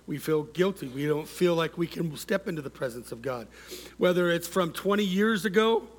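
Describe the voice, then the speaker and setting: A male pastor preaching a sermon, leading the congregation in call-and-response and letting his phrase endings fall soft and quiet. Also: a little high.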